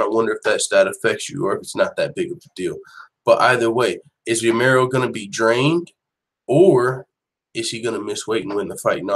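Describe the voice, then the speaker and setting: A man hosting a casual fight-news live stream, talking slangy and profane as he reacts to viewer comments. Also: mid-range voice. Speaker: MMA news show host.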